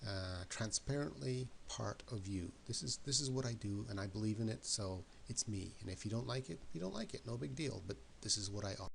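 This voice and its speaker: A man's voice: lowish voice, expressive, fairly quick, creaky, hardly any pauses, a little hiss or hum. A man giving an emphatic motivational talk, often repeating words and questions for effect. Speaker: motivational speaker.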